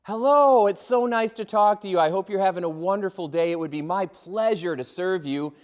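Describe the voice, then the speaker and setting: A man's voice: sits high, brisk, lightly acted. A man putting on a gushing phone service rep. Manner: gushing, sugary politeness. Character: overly cheerful male phone service rep.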